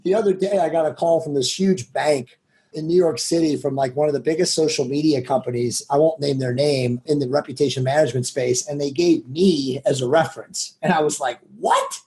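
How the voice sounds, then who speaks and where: Man, interview guest, mellow warm tone, rambling, candid, lots of fillers. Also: fairly high pitch, fairly quick, poor audio. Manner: rambling, heavy with "you know" fillers; candid and self-reflective. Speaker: guest entrepreneur and author. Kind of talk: casual interview storytelling.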